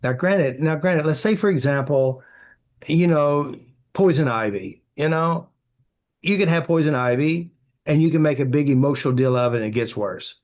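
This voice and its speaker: A man's voice: fairly high pitch, expressive, moderate pace, a little mellow. A man, a therapy practitioner, answering interview questions with anecdotes, acting out quoted dialogue and filling with "you know".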